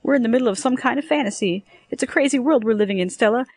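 A high, shrill housewife cries out in frantic, breathless bursts, loud and worked up, as a woman narrator puts her on. The voice is close and dry, with no room echo. She frets like a panicky storybook neighbor. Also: quick pace. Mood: fretful. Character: excitable, fretful housewife friend.

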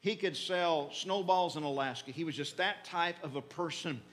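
A middle-aged man preaching, telling a mission story earnestly and slowing down for dramatic moments. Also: fairly high pitch, a bit bright. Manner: earnest, recounts dialogue with slowed dramatic emphasis. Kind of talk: sermon storytelling.

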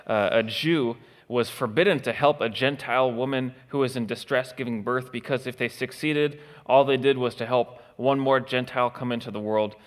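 A man preaching a sermon in a conversational way, pausing with frequent "uh" fillers and now and then acting out the attitudes he describes. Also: mid-range voice, fairly bright tone. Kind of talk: expository sermon. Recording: long hall reverb.

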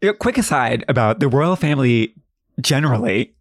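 A man's voice: mid-range voice, big pitch swings, brisk, no echo. A man co-hosting a podcast in casual chat, reacting in a dry, understated way. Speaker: podcast co-host.

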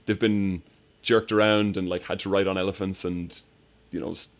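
A man chatting casually on a podcast, retelling movie scenes with animated, laughing energy. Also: sits low, moderate pace. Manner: animated storyteller, acts out film scenes with laughter. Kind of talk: casual chat.

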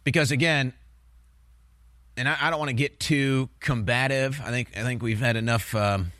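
A man's voice: medium pitch, steady tone, moderate pace, fairly bright tone, no room sound, clean studio sound. A man hosting a political talk show, delivering heated commentary in an emphatic, ranting way that repeats phrases and restarts sentences.

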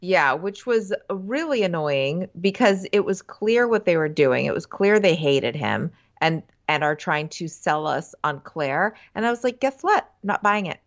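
A woman co-hosting a casual podcast, blunt and emphatic in her opinions. Her voice moves lively up and down. The recording is slightly dull. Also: on the low side, unhurried, few pauses. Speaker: podcast co-host. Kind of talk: casual chat recapping a TV show.

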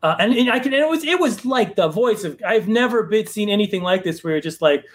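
Rambling, higher-voiced man telling a story. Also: expressive, fast talker. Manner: rambling, many restarts and fillers. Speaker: guest comic book writer. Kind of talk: casual storytelling on a live stream.

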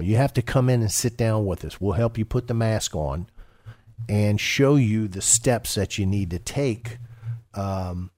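Radio finance guy, kinda low voice, lots of uh and restarts, dry sound. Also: darkish tone, no echo. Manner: halting, many restarts and fillers. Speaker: financial advisor co-host. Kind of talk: radio talk show.

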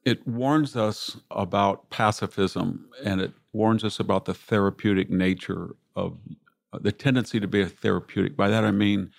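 An older man from the United States, a classicist and military historian, talks reflectively in an interview about his family and war, voicing relatives through quotes. His lowish, gravelly voice has fairly even intonation and a moderate pace, recorded dry at studio quality.

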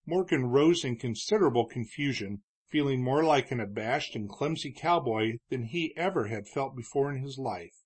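A man narrating a book in a steady, measured reading voice. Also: medium pitch, slightly rough. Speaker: audiobook narrator. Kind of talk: scripted narration of a western novel.

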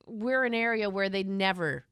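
A woman's voice: mid-range voice, moderate pace, fairly bright tone, clear, resonant tone, no echo, clean studio sound. A middle-aged woman co-hosting a morning radio show, chatting casually and reading the news and weather. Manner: chatty, reads headlines. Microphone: studio microphone.

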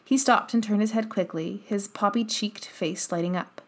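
A woman narrating a children's novel in calm, even storytelling. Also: medium pitch, normal speed, hardly any pauses. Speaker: audiobook narrator. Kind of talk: scripted narration.

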